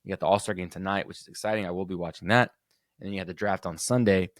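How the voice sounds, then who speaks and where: A man's voice: sits low, fairly even intonation, racing, no room sound, studio quality. A young man hosting a casual solo sports podcast, rambling loosely with lots of fillers and restarts. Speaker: podcast host.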